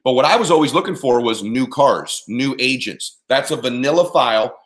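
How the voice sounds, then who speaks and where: A man with a mid-range, expressive voice speaks at a normal speed. Appearing as an interview guest, this performance coach delivers punchy, emphatic motivational advice and often checks that his listeners are following along.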